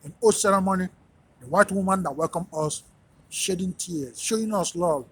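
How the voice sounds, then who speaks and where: A man's voice: sits high, normal speed, fairly bright tone, breathy edge, dry recording. A man, a radio host, telling a personal story in an emphatic, repetitive, preacher-like monologue.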